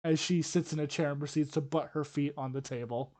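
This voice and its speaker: A man's voice: on the high side, fairly even intonation, brisk, warm tone. A man narrating as game master in a tabletop game, casual and swearing freely.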